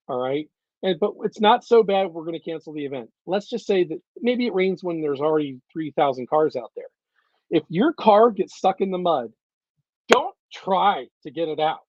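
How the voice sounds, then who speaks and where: A man's voice: on the high side, darkish tone, dry recording, highs cut off. A man organizing a reenactment event, briefing attendees in a casual livestream with an earnest, coaching manner, repeating key points and checking in with "okay?". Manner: earnest, repetitive, coaching tone with frequent "okay?" and "all right, guys".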